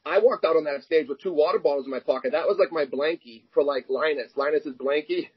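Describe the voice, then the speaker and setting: This young arm wrestler talks fast in a slightly rough, somewhat high voice, telling candid personal stories in an interview. He animatedly performs the quoted lines, and the sound is dull and lo-fi.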